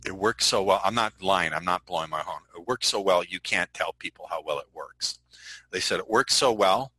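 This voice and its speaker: A man's voice: sits low, normal speed, pushed and bright, slightly rough, dry recording, low-quality recording. A middle-aged man teaching sales in an online webinar, emphatic and repetitive, drilling key phrases over and over. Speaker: sales trainer.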